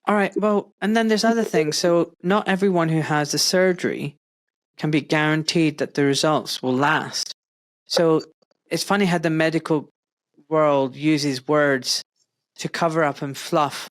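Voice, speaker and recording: A man hosting a podcast interview, animated and sarcastic, mocking medical jargon and swearing freely. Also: a little high, a little slow. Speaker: podcast host.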